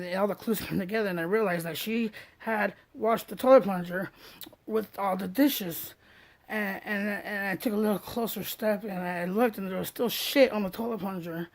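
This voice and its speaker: A man telling a comic story on stage, stammering with repeated words as he builds it up. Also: high voice. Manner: stammering repeats, animated retelling. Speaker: stand-up comedian.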